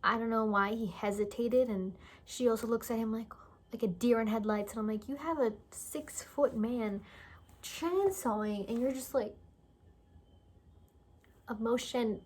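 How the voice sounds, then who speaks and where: Young woman ranting about a movie, kinda high voice, sarcastic and fed up, trips over words. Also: unhurried, slightly rough. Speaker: movie reviewer. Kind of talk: casual rant review.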